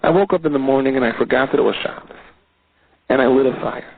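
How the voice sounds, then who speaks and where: A man, a rabbi, telling a story in an animated sermon, his pitch sweeping widely. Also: fast talker, vocal fry, husky, dry recording. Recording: tinny phone-like audio.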